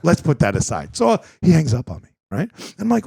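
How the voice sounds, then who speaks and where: Animated, gravelly man telling a story. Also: medium pitch, fast, no echo. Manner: acts out both sides of quoted conversations. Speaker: podcast host. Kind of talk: casual chat.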